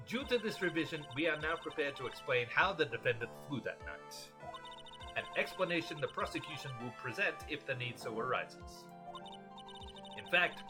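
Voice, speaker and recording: A man doing a stern young lady prosecutor, clipped and commanding, in a clumsy mock-Russian accent for a game playthrough. Loud game music plays behind her. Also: mid-range voice, pitched above the performer's own voice, close to an everyday voice.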